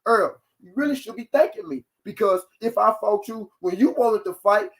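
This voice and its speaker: A man's voice: high voice, animated, normal speed, gravelly, pitched above the performer's own voice. A man mimicking a whiny boastful boxer. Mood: taunting. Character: mocking take on a boastful male boxer calling out a rival.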